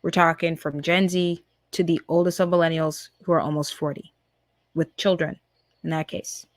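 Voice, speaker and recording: A woman's voice: deep voice, level tone, moderate pace, no room sound, clean studio sound. A woman in her twenties hosting a podcast, giving a heated, emphatic political monologue full of rhetorical questions. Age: 20s. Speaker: podcast host.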